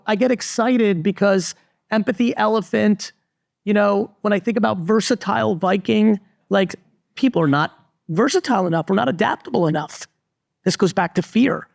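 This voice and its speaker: A man's voice: high-pitched, creaky, dry recording, studio quality. A middle-aged man, giving a live stage talk to an audience in a blunt, emphatic way. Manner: blunt, emphatic, repeats "literally". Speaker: entrepreneur and guest speaker. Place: resort event stage before a live audience.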